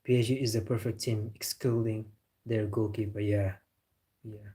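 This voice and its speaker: A man talks football on a live stream, reacting to viewers' comments and giving firm opinions. His voice sits low and he keeps an even, flat tone, with some slightly non-native phrasing in his casual talk. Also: moderate pace, breathy edge. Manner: opinionated, replying to chat.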